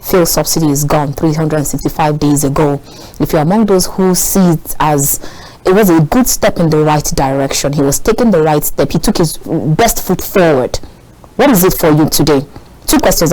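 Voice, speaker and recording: A woman's voice: low-pitched, a little fast, warm tone, rough recording. A woman hosting a TV panel, pressing her guests with probing, repeated questions. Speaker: TV host. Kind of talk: moderating a TV panel.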